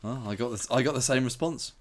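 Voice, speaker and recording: A man's voice: mid-range voice, fast. A man co-hosting a podcast in casual chat, making dry teasing jokes and asides. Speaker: podcast co-host.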